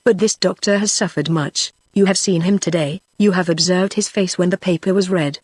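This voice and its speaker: A synthetic British woman's voice reading the lines of a troubled, cautious middle-aged male wine-shop keeper, with flat delivery. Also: on the low side, moderate pace, slightly rough, no room sound. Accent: British English. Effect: synthetic text-to-speech voice.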